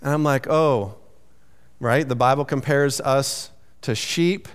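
A man's voice: mid-range voice, slow, clean tone, big-room sound. A man preaching a sermon in a loose, conversational way, teasing himself and restarting his sentences. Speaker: pastor.

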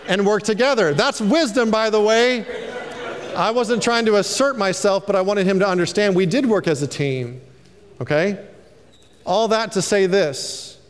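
Animated male pastor, high voice, preaching in a reverberant sanctuary. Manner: animated, preachy, calls for amens. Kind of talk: sermon.

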